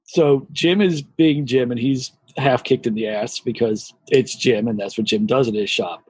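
Husky guy on a podcast, swears a lot, dry close mic. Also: medium pitch, normal speed, darkish tone, dry recording. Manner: crude, laughing storyteller. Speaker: podcast co-host. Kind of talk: casual chat.

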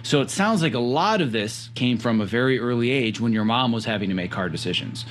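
A man's voice: medium pitch, expressive, a little fast, slight background noise. Thoughtful man hosting an interview. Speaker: podcast host. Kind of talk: reflective interview questions.

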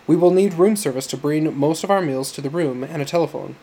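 A man's voice: fairly high pitch, fairly quick, dark tone. A man voicing a haughty male musician in an audiobook, speaking in a bored, lofty way.

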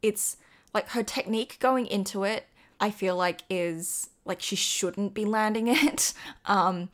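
A young Australian woman co-hosting a casual commentary chat, slangy and quick to laugh. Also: medium pitch, a bit bright. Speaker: co-host.

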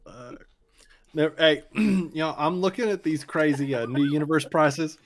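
A man's voice: on the high side, a little slow. A man playing a tabletop game, joking and boasting in casual in-character banter and swearing freely.

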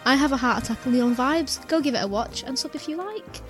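A young woman co-hosting a podcast in casual, animated chat, swearing freely. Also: sits high, brisk, loud music behind the voice. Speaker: podcast co-host.

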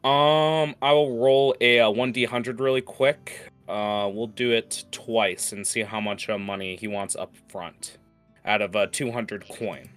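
A man's voice: lowish voice, steady tone, a little slow, fairly bright tone, soft background music. A man narrating a tabletop game as game master, in a casual way with many filler words.

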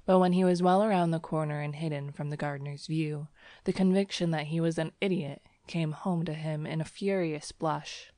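A woman reads a story aloud in a low, unhurried voice. Her delivery is gentle and even, softening for quoted lines. The sound is close and dry, with no room around it. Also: dry recording. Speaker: audiobook reader. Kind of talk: scripted narration.

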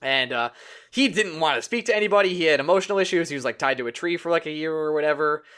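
A man's voice: on the high side, expressive, fast talker, fairly bright tone, clean tone. Upbeat young man hosting a podcast. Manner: joking, laughs often. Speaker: podcast host. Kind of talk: casual chat.

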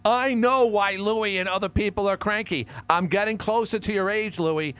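A middle-aged man hosting a call-in radio show, jovial and quick to laugh. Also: high-pitched, a bit bright, clear, resonant tone. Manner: jovial, laughs often, interrupts. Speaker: radio talk show host.

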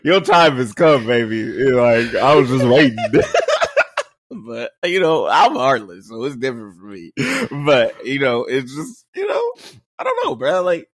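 A man in casual podcast chat, expressive and joking, laughing often. His pitch moves a great deal, climbing and dropping as he talks. The sound is close and dry. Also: measured pace, dry recording. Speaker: podcast co-host.

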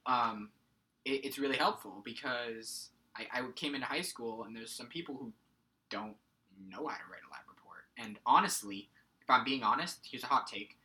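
Chatty young man, bright voice. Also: mid-range voice. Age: young adult. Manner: chatty, halting restarts, swears casually. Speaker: podcast co-host. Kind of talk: casual chat.

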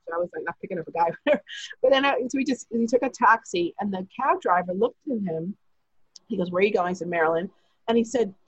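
A woman recounts a long personal story in a rambling, breathless way, slipping into the voices of the people she quotes. Her voice is husky, and the recording is dry and a little dull, with no room sound. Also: mid-range voice, no room sound. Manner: chatty, breathless retelling with quoted dialogue. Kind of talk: casual storytelling.

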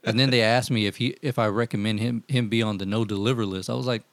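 A man telling profane, animated stories in casual chat with friends, acting out what people said. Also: fairly low pitch, quick pace, dry recording. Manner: profane, animated storytelling, acts out quotes. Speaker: storyteller among friends.

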